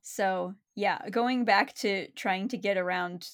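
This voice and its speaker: A woman's voice: mid-range voice, takes it slowly, no echo, clean studio sound. Chatty woman discussing a film. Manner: chatty, many "like" fillers. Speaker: podcast host.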